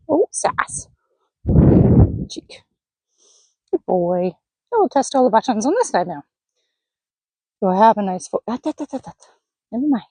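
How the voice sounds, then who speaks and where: Woman horse trainer, slightly high voice, dry close sound, calm coaching tone. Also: slightly rough, dry recording, low-quality recording. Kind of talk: narrated lunging session. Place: outdoor arena.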